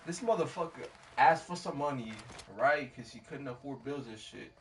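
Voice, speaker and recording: A man's voice: mid-range voice, a little fast, few pauses. Guy streaming and telling a story, slangy and cursing a lot, mic kinda far, noisy room behind him. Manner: rambling, slangy and profane, with many fillers. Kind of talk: casual storytelling while gaming. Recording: distant mic with clear background ambience.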